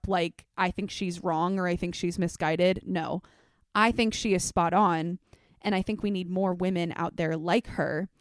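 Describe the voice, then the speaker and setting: A woman's voice: mid-range voice, clean tone, no room sound, clean studio sound. A young adult woman, a teacher, hosting her own podcast in a candid, reflective way, with frequent fillers. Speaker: podcast host. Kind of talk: casual solo podcast talk.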